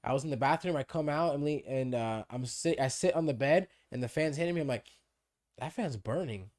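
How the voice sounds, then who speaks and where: A man's voice: medium pitch, fast talker, darkish tone. A man co-hosting a podcast, telling a story in a loose, swearing way and acting out who said what. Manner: swears freely, acts out quoted dialogue. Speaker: podcast co-host. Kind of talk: casual storytelling chat.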